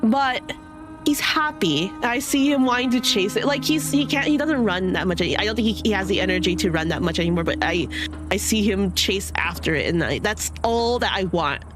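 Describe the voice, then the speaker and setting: A woman's voice: medium pitch, lively intonation, moderate pace. A young woman talks in a loose, rambling way, stacking filler words as she goes. She sounds close to tears at times. Faint music plays behind her. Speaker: streamer. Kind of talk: casual chat.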